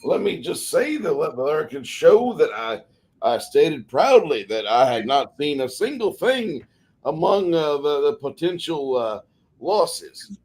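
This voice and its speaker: A man's voice: a little high, big pitch swings, unhurried, darkish tone. A man guesting on a casual livestream chat, adding jokey, mock-formal asides.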